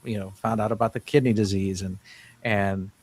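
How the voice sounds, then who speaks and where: A man's voice: on the low side, fairly even intonation, moderate pace, a little mellow, husky. A man in his fifties, a guest in an interview, telling his story in an earnest, rambling way with many restarts. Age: 50s. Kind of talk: casual interview talk.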